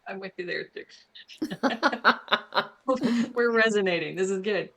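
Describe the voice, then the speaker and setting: A woman's voice: medium pitch, slow. Earnest middle-aged woman explaining. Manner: earnest, laughs between points, lively emphasis. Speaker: guest, HR professional and parent. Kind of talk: explanatory interview talk.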